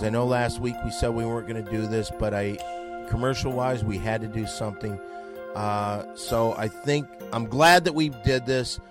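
A man hosting a comedy podcast, talking in a loose, rambling, jokey way. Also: medium pitch. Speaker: podcast host. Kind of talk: casual comedy podcast banter.

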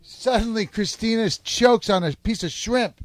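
A man's voice: high-pitched, unhurried, over loud music. A man hosting a mock dating game show, announcing contestants. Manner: announcing, coaxing. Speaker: host.

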